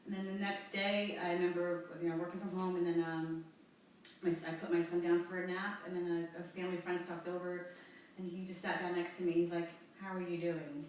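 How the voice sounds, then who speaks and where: A woman from New Jersey in her forties, telling a personal story in an interview with halting, rambling speech and many fillers. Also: on the low side, flat delivery, a little mellow, far from the mic, a little hiss or hum. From New Jersey, USA. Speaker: interview guest. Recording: echoey room, voice from off-mic.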